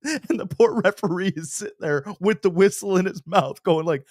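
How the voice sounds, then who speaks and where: Here a man with a high voice speaks at a moderate pace, co-hosting a casual sports podcast. He tells stories energetically and acts out the quotes, and the recording is dry with clean studio sound.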